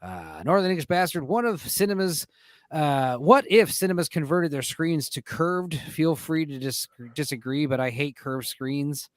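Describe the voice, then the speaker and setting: A man with a fairly high voice hosts a casual chat and tells stories with lively energy. He swears freely, acts out what people said, and laughs as he goes. The sound is close and dry. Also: moderate pace, no room sound. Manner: animated storyteller, swears freely, acts out quotes. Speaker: podcast host.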